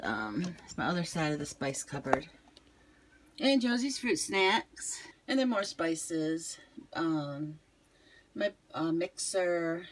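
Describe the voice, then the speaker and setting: A woman's voice: on the low side, slight background noise. A middle-aged woman with a slight Southern accent, chatting casually with many ums as she shows her kitchen on a handheld camera. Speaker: vlogger. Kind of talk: casual home tour chat. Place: home kitchen. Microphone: handheld camera moved around while talking.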